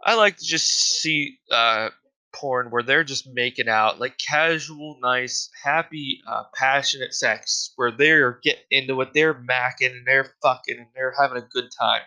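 Man ranting with a bright, forceful voice. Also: mid-range voice, fairly even intonation, a little slow, poor audio. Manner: profane, exasperated ranting with frequent fillers. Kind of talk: casual solo rant.

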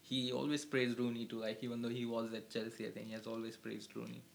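A man's voice: medium pitch, level tone, quick pace, creaky. Easygoing young man asking questions. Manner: easygoing, asks questions, hesitant restarts. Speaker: co-host. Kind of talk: casual football chat.

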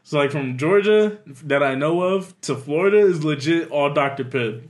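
A man in casual chat, telling animated stories, acting out what people said and laughing often. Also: fairly high pitch, moderate pace.

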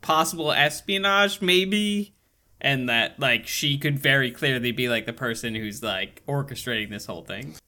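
A man in casual chat, picking apart a TV show's characters in quick asides. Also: mid-range voice, pushed and bright. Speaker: podcast co-host. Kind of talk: casual chat about a TV show.

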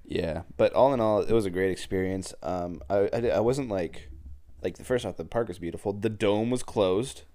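Animated young man in casual chat. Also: fairly low pitch, moderate pace. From Massachusetts. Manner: animated, laughs often. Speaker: podcast co-host.

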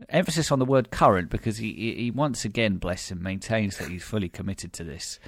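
A British man hosts a podcast in a lowish voice, talking briskly with few pauses. His chat is wry and casual, full of fillers and restarts. The studio recording is clean, with no room sound.

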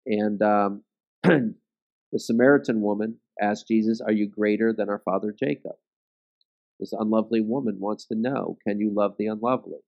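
A man's voice: lowish voice, fairly even intonation, normal speed, gravelly, dull audio. A man leading a Bible study, teaching in a conversational way and often checking in with his listeners.

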